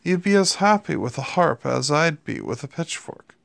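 A man's voice: a little high, very animated, moderate pace, vocal fry, a bit bright, no room sound, exaggerated voice. A man voicing a sardonic male demon who talks in a wry, pushy way in an audiobook reading. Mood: pleading.

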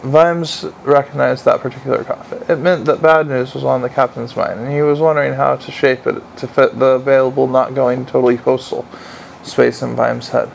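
A man reading a comic fantasy novel aloud in a dry, measured way. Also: mid-range voice, flat delivery, creaky, a little hiss or hum, poor audio. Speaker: audiobook narrator. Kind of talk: audiobook narration.

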